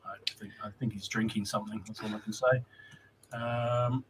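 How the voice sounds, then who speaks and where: A man's voice: fairly low pitch, steady tone, normal speed, slight background noise. A man hosting a casual livestream podcast, cheerfully greeting viewers and reading out their comments. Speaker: podcast host.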